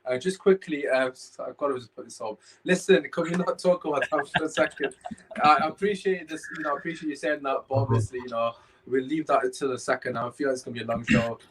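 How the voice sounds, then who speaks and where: Rambling podcast host. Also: male voice, medium pitch, fast talker, background noise. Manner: rambling, restarts while searching his phone. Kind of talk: casual podcast chat.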